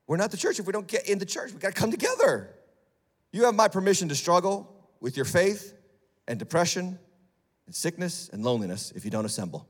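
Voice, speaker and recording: A male lead pastor preaching a sermon, blunt and sarcastic, dropping low and then rising to loud, emphatic peaks. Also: sing-song, normal speed, big-room sound. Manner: emphatic, swings from hushed to shouting. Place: church sanctuary.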